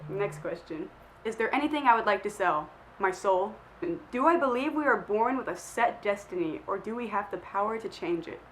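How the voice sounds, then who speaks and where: A young woman vlogger with a mid-range, fairly bright voice and lively intonation works through a list of questions at a moderate pace. She rambles, peppers her sentences with "like," and laughs at herself, sounding a little sick. The recording is rough, with a faint room hum behind her.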